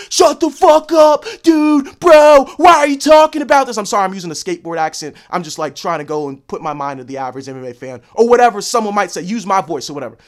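A young man with a high voice delivers a fired-up, profane rant. He hammers the same points over and over and acts out the voices of the people he quotes. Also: a bit bright. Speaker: MMA commentary vlogger. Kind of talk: ranting opinion monologue.

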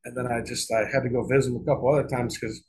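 A man's voice: mid-range voice, little pitch movement, rapid-fire, vocal fry, slight background noise, rough recording. A middle-aged man telling a long story in a casual interview, rambling and profane, with frequent restarts and repeated words. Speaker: guest author.

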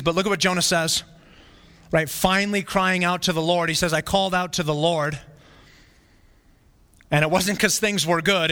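A bright, ringing male voice pitched well above the usual, preaching with earnest repetition. His sermon carries the long reverb of a church hall. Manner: earnest preaching with repeated phrases. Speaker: pastor.

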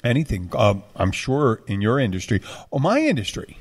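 A man, chatting casually about anything that comes to mind. He wanders from thought to thought, restarts sentences and leans on fillers. His pitch sits in an ordinary middle range. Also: very animated, moderate pace, breathy edge. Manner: rambling, many restarts and fillers. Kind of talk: casual chat.

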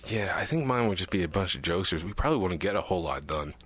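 A man riffs through casual podcast chat, cracking jokes and laughing often. His voice sits low but swings widely in pitch. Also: lively intonation, very fast, a bit bright, breathy edge. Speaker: podcast co-host. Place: small shed.

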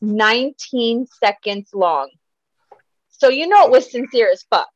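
A woman's voice: fairly high pitch, unhurried, no room sound, highs cut off. A woman co-hosting a podcast, chatting casually about celebrity gossip with lots of swearing and laughter. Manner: profane, animated, laughs a lot. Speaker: podcast co-host.

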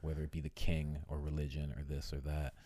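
A man co-hosting a casual podcast, excitedly retelling a story with swearing and acted-out voices. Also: rumbling low, a little fast. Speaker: podcast co-host. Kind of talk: casual chat, animated retelling.

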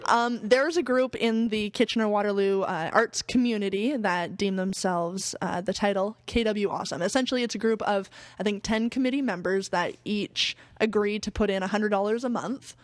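A woman's voice: mid-range voice, moderate pace, few pauses, no room sound. A woman co-hosting a casual podcast, laughing and bawdy, explaining their plans in plain terms. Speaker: podcast co-host.

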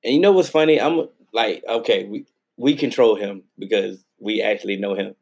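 A man co-hosting a casual sports podcast, animated and slangy, repeating himself for emphasis. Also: lowish voice, moderate pace, gravelly. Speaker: podcast co-host.

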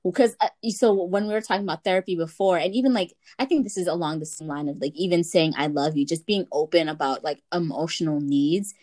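A young adult woman talking casually with a family member, relaxed and chatty with lots of fillers. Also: lowish voice, fast talker, hardly any pauses.

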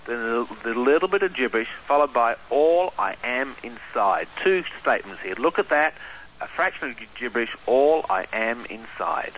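Bright-voiced Australian man explaining eagerly. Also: medium pitch. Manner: eager explaining, many filler pauses. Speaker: radio guest, researcher. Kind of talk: casual radio interview. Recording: dull lo-fi radio line, faint hiss.

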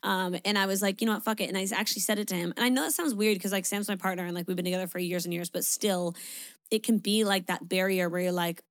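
A woman's voice: medium pitch, steady tone, fast, dry recording. A young woman hosting her own podcast in casual, chatty talk, swearing freely and filling with "like" and "um". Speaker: podcast host. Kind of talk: casual solo podcast chat.

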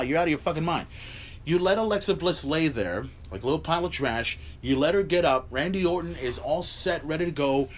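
A man with a slightly high voice rants through a recap on his podcast. He swears freely, keeps asking "right?", and sounds openly incredulous at what he watched. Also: a bit bright. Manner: ranting, incredulous, heavy swearing, rhetorical "right?" asides. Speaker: podcast host. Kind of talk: profane wrestling recap rant.

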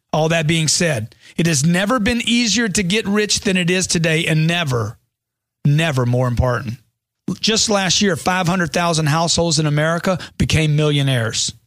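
A man's voice: a little high, a bit bright, no echo, clean studio sound. A man reading a motivational money book aloud with a punchy, emphatic delivery.

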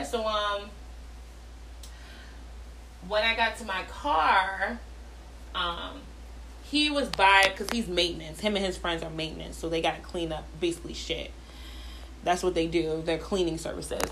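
A woman's voice: lowish voice, noisy background. A woman in her thirties venting in a casual storytime, blunt and profane, talking from her bathroom at home.

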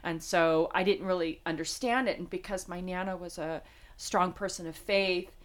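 Halting, heartfelt middle-aged woman, lower voice. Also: fairly even intonation. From Las Vegas, United States. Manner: heartfelt, halting, many fillers and restarts. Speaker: interview guest. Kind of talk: personal faith testimony in conversation.

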